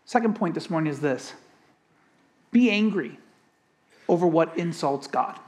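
Preacher, lively rising-and-falling delivery, emphatic, fires rhetorical questions at the congregation. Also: mid-range voice, a little slow, breathy edge. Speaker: pastor. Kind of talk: sermon.

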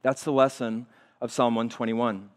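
A man preaching a sermon to his congregation, talking plainly and then building through repeated phrases to loud, emphatic peaks. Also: medium pitch, little pitch movement, moderate pace. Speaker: pastor. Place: church sanctuary.

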